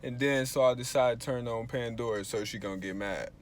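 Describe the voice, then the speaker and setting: A young man vlogging in a casual, slangy, laid-back way, telling stories with animated bursts. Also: mid-range voice, fairly quick. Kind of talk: casual vlog chat.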